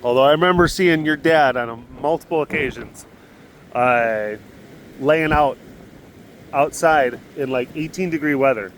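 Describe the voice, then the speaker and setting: Male vlogger, a bit high-pitched, chatty and rambling, filmed outdoors on a handheld camera with faint noise behind. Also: a little slow. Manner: chatty, rambling, talks softly to the big cats. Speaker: animal caretaker and vlogger. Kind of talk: casual walking vlog. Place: outdoors at an animal facility in cold weather.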